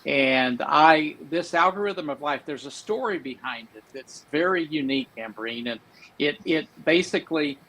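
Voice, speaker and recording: A man's voice: a little high, moderate pace, a bit bright, a little hiss or hum, poor audio. A man hosting a live interview, praising his guest at length with rambling fillers. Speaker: host.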